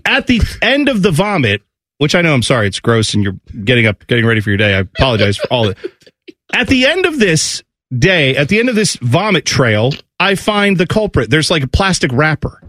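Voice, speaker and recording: Animated man telling a family story. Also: fairly high pitch, brisk, dry recording, clean studio sound. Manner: lively, laughing, acts out family voices. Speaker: radio show host. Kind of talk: animated storytelling on morning radio.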